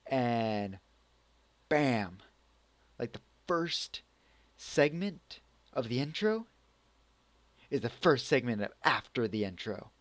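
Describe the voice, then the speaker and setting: A man's voice: medium pitch, very animated, slow pace, long pauses, no room sound. A man giving a casual spoken anime review, rambling with many restarts. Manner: rambling, full of restarts and acted reactions.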